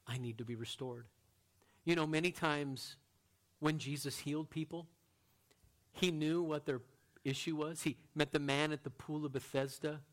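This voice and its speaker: A man preaching a sermon as a pastor, earnest, moving from loud emphatic lines to quiet, hushed ones. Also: fairly high pitch, little pitch movement, moderate pace.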